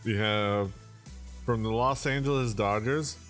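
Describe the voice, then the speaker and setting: A man's voice: fairly low pitch, measured pace, fairly bright tone, soft background music. A man co-hosting a casual podcast, opening baseball card packs in an easygoing way, laughing often and trailing off mid-thought. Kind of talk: casual chat.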